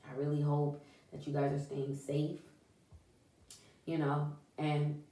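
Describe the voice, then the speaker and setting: A woman with a fairly low voice gives a casual, encouraging vlog talk. She speaks in an animated, folksy way and sprinkles in churchy exclamations. The sound is roomy and echoey, with her voice a little distant from the microphone. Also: takes it slowly. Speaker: vlogger. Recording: echoey room, voice away from mic.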